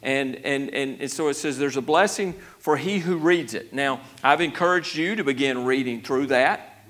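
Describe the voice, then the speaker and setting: Male pastor, mid-pitched, folksy sermon delivery with restarts and rising emphasis. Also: normal speed, fairly bright tone. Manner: folksy, conversational, many restarts, grows emphatic. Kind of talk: sermon Bible study.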